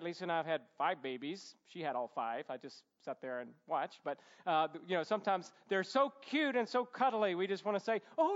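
A man preaching a sermon in a conversational way, with humorous asides and rhetorical questions to the congregation. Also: sits high. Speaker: pastor. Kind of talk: expository sermon. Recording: dull, echoey church hall sound.

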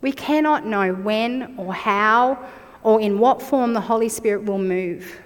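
A woman's voice: medium pitch, measured pace, big-room sound. A woman in her forties preaching a sermon, reflective and personal as she shares her own story.

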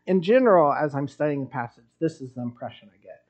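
A man's voice: fairly high pitch, lively intonation, fast, a little mellow, dull audio. A man preaching a sermon in a conversational way, with wry asides. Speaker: pastor.

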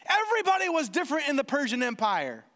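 A man preaching a sermon in a lively, animated way, acting out short voices of people as he explains his point. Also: very high-pitched, quick pace, in a large hall. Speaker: pastor.

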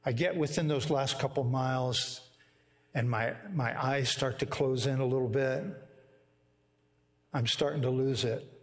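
A man's voice: medium pitch, steady tone, measured pace, pauses often, in a large hall. A man preaching a sermon, telling a personal story in a conversational way and closing in prayer. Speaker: pastor. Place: church sanctuary.

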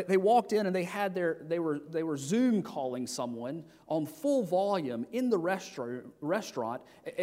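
A middle-aged pastor with a high-sitting, darkish voice preaches a sermon under long hall reverb. He talks conversationally, posing rhetorical questions and restarting frequently.

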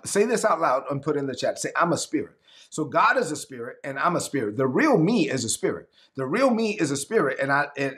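A male pastor preaching a livestreamed sermon in a declaring style, leading his listeners in call-and-response. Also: medium pitch.

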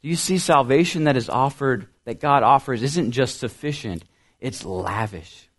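A young male pastor delivers a sermon in an earnest, storytelling way. His voice sits at a middle pitch, pushing up on key points and trailing off quietly at the ends of phrases. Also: normal speed.

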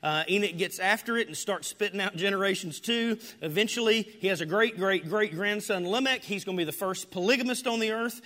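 A male pastor preaching a sermon, rising to loud, impassioned declarations and dropping to near-whispers. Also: high voice, fairly quick, hardly any pauses. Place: church sanctuary. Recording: hall reverb.

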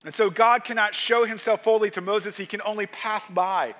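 A man delivers an expository sermon. His voice sits high and sounds bright and forceful. He reads scripture aloud and builds emphasis as he explains it. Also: fairly even intonation, moderate pace. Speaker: pastor.

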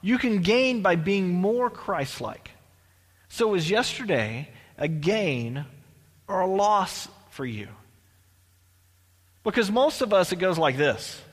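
A man's voice: fairly high pitch, long reverb tail. A male pastor preaching a sermon in a church, in a conversational way with restarts and asides.

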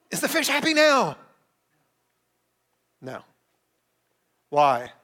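A man with a bright, high-pitched voice delivers a sermon. His tone is relaxed and conversational, with a playful streak, and he keeps tossing questions to his listeners and answering them himself. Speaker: pastor. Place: streamed service addressing an online chat.

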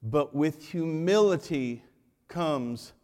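A man preaching a sermon as pastor, animated and joking with the congregation, dropping to hushed emphasis on key points. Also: fairly high pitch, slow pace, in a large hall. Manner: jokes with the congregation.

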